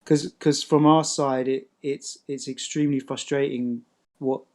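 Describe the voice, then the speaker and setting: A man calling into a debate, with a mid-pitched voice. He speaks hesitantly and stumbles over words, and his tone stays conciliatory. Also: steady tone, a little slow, darkish tone. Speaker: caller. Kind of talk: casual debate call.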